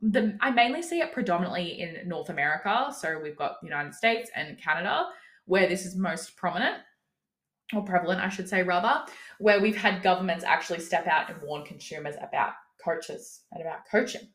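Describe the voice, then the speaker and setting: A woman's voice: lowish voice, lively intonation, brisk, a bit bright. A woman coach talking through her own views in a casual solo podcast, candid and cheeky, laughing now and then and swearing for emphasis. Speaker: business coach and podcast host.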